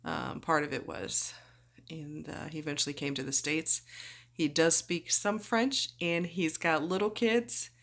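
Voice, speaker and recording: A woman's voice: low voice, fairly even intonation, measured pace, fairly bright tone. Chatty woman telling a surgery story. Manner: chatty, rambling, acts out quoted voices. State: groggy after surgery. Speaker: vlogger. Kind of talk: casual storytelling.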